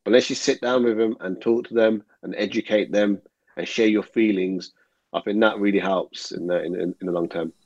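An earnest man talks through his thoughts as an interview guest, circling back with plenty of fillers. His voice sits low. The audio is dull and dry, with no room sound. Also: steady tone, fairly quick, a little mellow, no room sound. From England. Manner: earnest, rambling, with many "you know"s. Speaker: guest, former professional footballer. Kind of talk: reflective interview talk.

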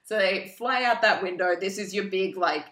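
A woman co-hosting a podcast, recapping a play in a casual, comedic way and acting out the characters' lines in quick, animated bursts. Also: mid-range voice, roomy sound.

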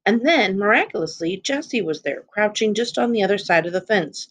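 A woman reading a children's novel aloud in a steady, expressive narration. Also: medium pitch, fairly quick. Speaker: reader.

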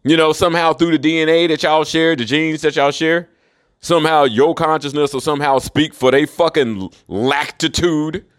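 A man's voice: fairly high pitch, fairly even intonation, moderate pace. A man in a rambling solo monologue, profane and mocking, who laughs often. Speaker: commentator.

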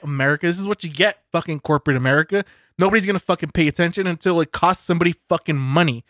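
A man's voice: sits high, very fast, a bit bright, no echo, studio quality. A man co-hosting a podcast, venting with fury and sarcasm, swearing heavily. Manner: furious, sarcastic, heavy swearing. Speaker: podcast co-host. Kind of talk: casual podcast rant.

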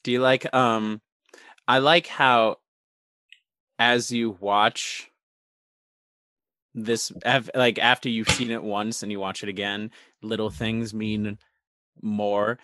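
A man co-hosts a casual movie podcast in a bright, forward voice. His sound is dry and close to the mic, and he talks in a laid-back way, quoting scenes as he goes. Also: lowish voice, level tone, slow pace, pauses often, dry recording. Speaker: podcast co-host. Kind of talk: casual movie review chat.

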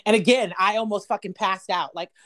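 A mid-range female voice, a little fast, from a podcast co-host in her thirties. She's telling a story in casual conversation, cursing freely and laughing a lot as she animates it.

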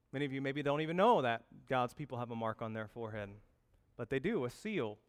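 A man preaching a lively sermon, telling a funny story with jokes and asides to the congregation. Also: fairly high pitch, clear, resonant tone. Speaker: pastor.

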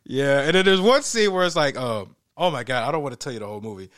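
A young man hosting a casual podcast chat, animated and laughing often as he acts out movie scenes. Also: mid-range voice, quick pace, no room sound, studio quality. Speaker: podcast host. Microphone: podcast microphone.

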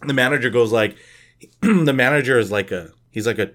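A man hosting a casual chat, telling a made-up scenario in a joking, lively way. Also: medium pitch, normal speed. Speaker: podcast host.

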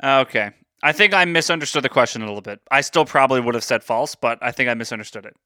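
A man's voice: medium pitch, fast talker, pushed and bright, no room sound, studio quality. A man co-hosting a podcast, guessing quiz answers and bantering casually. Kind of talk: casual chat.

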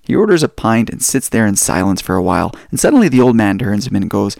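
Gravelly-voiced male podcast host. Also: on the low side, fast talker, hardly any pauses, no room sound. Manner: relaxed storytelling. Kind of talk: casual podcast monologue.

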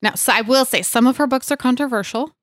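A woman's voice: high-pitched, fast, no room sound, studio quality. A young adult woman hosting a casual faith podcast, talking in an earnest, chatty way with many fillers. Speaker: podcast host.

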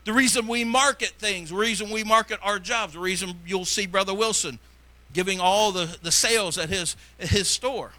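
A middle-aged man preaching a sermon as pastor, fervent, shifting between loud exhortation and quiet asides. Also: sits high, normal speed, no room sound.

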